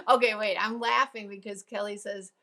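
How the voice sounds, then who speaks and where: Woman host, mid pitch, gravelly fry, rambling live-stream chat with viewers. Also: measured pace, sharp tone. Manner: chatty, answers viewer comments, many ums and laughs. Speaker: crafting show host.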